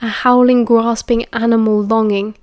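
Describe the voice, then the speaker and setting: A woman's voice: on the high side, little pitch movement, moderate pace, a little mellow, no echo. British woman reading an audiobook. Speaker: audiobook reader. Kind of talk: audiobook narration.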